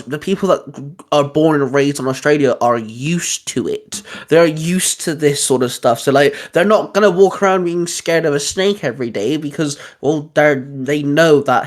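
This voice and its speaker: A man's voice: a little high, moderate pace. A man hosting a podcast, telling stories animatedly and acting out quoted lines. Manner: animated storyteller, acts out quotes. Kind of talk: casual chat. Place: lives in the UK.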